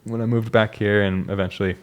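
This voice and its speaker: A man's voice: on the low side, steady tone, fast, smooth. A young man talking casually and reflectively about his life, rambling with restarts and fillers. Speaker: vlogger. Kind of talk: casual personal monologue.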